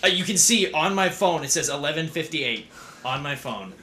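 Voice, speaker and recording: A young man with a bright, fairly high voice rambles through a story on a casual podcast among friends. His intonation is lively, and he swears freely. Faint noise hums behind him. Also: normal speed, reverberant. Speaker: podcast co-host.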